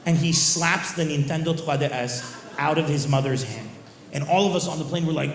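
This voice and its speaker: A male stand-up comedian telling a story on stage, animated and acting out characters. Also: a little high, normal speed. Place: comedy show venue. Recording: echoey venue with faint ambience.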